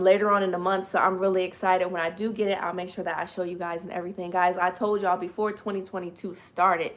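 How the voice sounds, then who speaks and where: A woman hosting a casual livestream, greeting viewers by name and chatting, her voice slightly raspy and strained today. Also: lowish voice, a bit bright. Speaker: livestream host.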